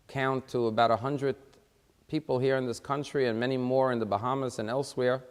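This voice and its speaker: A man delivers a sermon as a rabbi, opening with a joke in a wry, easygoing storyteller's manner. His voice sits at an ordinary middle pitch. A long hall reverb trails after his words.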